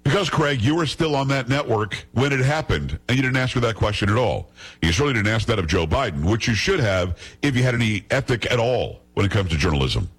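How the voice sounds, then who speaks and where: A man's voice: mid-range voice, expressive, a little fast, slightly rough. A male host giving indignant political commentary, full of sarcasm and rhetorical questions.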